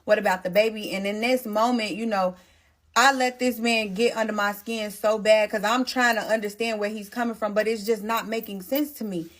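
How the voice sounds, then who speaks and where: A woman's voice: a little high, steady tone, moderate pace, a bit bright. A pregnant woman telling a storytime vlog, speaking straight to her viewers and repeating phrases for stress.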